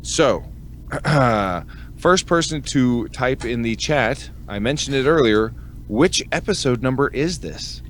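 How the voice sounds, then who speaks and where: A man's voice: medium pitch, animated, takes it slowly, slight background noise. A man hosting a podcast in casual chat, full of crude, profane jokes. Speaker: podcast host.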